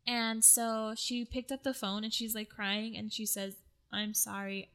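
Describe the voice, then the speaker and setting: Woman, chatty recap storyteller; rambling, swears, bright timbre. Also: on the high side, fairly even intonation, a little slow, clear, resonant tone. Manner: rambling, filler-heavy retelling with swearing. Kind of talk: casual chat.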